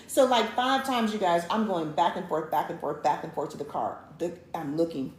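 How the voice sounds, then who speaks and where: Co-hosting a couples show, a woman tells viewers a story casually and animatedly, performing each line of dialogue. Her voice is lowish, her pace moderate with few pauses, and the recording is roomy with faint background noise.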